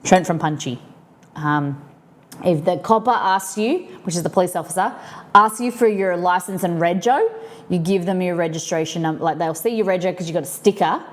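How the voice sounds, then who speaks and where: A low-ish female voice at normal speed: an Australian livestream host chatting loosely and rambling about slang for her audience, using "like" constantly.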